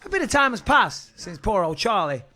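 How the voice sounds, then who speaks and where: A man guesting on a podcast, telling a comic story in an animated way, swearing freely and acting out quotes. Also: sits high, brisk.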